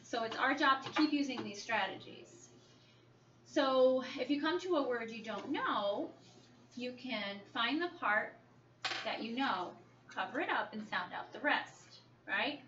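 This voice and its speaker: A woman's voice: a little high, animated, unhurried, pushed and bright. Teacher woman in an echoey classroom. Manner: patient, questioning, coaxing children to answer. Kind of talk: small-group reading lesson. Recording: echoey, distant, dull, noisy classroom recording.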